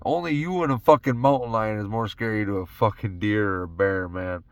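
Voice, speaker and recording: In his parked truck, a young man from Wisconsin who hosts a podcast rambles about his life, casual and profane, laughing between thoughts. His voice is on the low side and brisk, and the recording is dry, made with a phone or camera in the truck.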